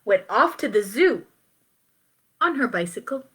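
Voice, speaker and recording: A woman reading a children's picture book aloud, playful and expressive, with asides to her young listeners. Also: a little high, measured pace, husky. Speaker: children's story reader.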